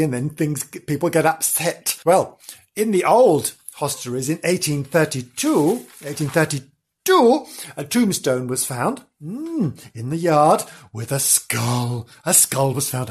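Husky breathy woman doing a jokey spooky-story podcast, gaspy and theatrical, voice bouncing all over the place. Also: deep voice. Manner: theatrical, gasping and jokey, with self-interrupting repetitions. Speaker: podcast host. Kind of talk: playful storytelling podcast chat.

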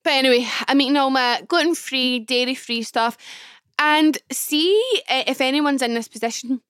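A young Scottish woman with a Glasgow accent talks through a personal story on her podcast. Her voice sits fairly high and comes across smooth and clear. The sound is dry and close, with no room around it. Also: normal speed, no echo. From Scotland. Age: early 20s. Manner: chatty, expressive, exaggerates for comic effect. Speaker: podcast host. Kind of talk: casual storytelling monologue.

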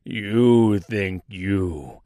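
A man voicing an evil giant male tree monster with a slow, drawn-out, mocking delivery. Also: lowish voice, warm tone, no room sound, studio quality, voice pushed down.

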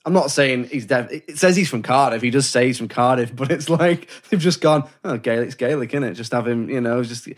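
A man's voice: medium pitch, normal speed, few pauses. A man co-hosting a casual film discussion podcast, rambling and self-correcting, often acting out quoted lines. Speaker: podcast co-host.

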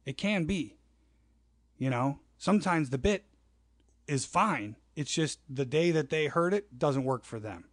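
Man, casual chat, animated storyteller, fairly high voice, dry close mic. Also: a little slow, no room sound. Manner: animated storyteller, acts out quoted voices, swears.

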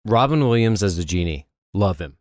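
A man with a low voice holds forth in a casual, joking podcast chat, pushing his opinions hard. His voice sounds dry and close, with no room around it. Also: lively intonation, a little fast, dry recording. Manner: emphatic, opinionated riffing. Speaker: podcast co-host.

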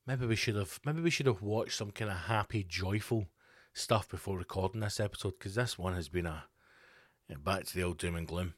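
A man's voice: low voice, a little fast, dry recording, clean studio sound. A man hosting a solo comedy podcast, ranting with rhetorical questions and swearing freely. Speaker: podcast host. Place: home studio.

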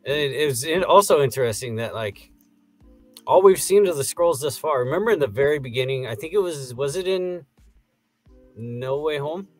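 A man's voice: on the high side, animated, moderate pace, soft background music. A man co-hosting a casual podcast chat, loose and joking with lots of fillers. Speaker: podcast co-host.

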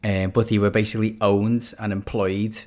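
A man talks casually as a podcast co-host, rambling and filling pauses with "um" and "like". His voice sits on the low side. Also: level tone, darkish tone. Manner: rambling, hesitant, full of "um" and "like". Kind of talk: casual chat.

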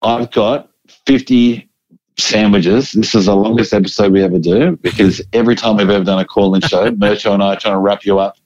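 A man ribbing his co-host in a recorded message, teasing and lively. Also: on the low side, fairly quick, dry recording. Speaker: podcast co-host. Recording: dull phone-like recording.

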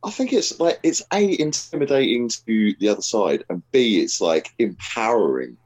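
Man, low voice, very wide pitch swings, hesitant guest, casual chat. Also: big pitch swings, normal speed, darkish tone. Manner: hesitant, lots of "like", pitch jumps high.

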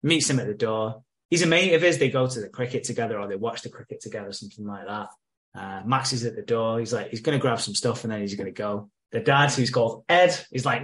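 A man from England, podcast co-host, casually recapping soap episodes with lots of swearing and quick quoted lines. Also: fairly low pitch, a bit bright. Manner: sweary, retells scenes with quick quoted voices.

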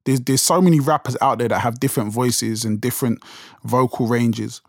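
A man's voice: mid-range voice, moderate pace, no room sound. Casual London man, dry sound. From England. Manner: conversational, rambling with many restarts and fillers. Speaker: podcast host and rapper. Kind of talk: casual solo talk.

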